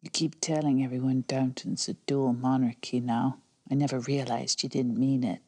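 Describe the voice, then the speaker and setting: Casting: a poised aristocratic wife, even and mellow, with cool reproach. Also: female voice, very deep voice, normal speed. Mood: pointed. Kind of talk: period TV drama acting.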